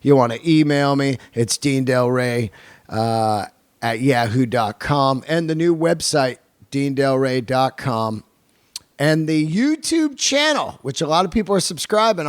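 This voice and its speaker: A man's voice: a little high, clean tone, no echo. A man hosting a podcast, reading sponsor spots and chatting in a casual, profane, rambling way. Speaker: podcast host and comedian. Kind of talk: casual podcast talk and ad reads.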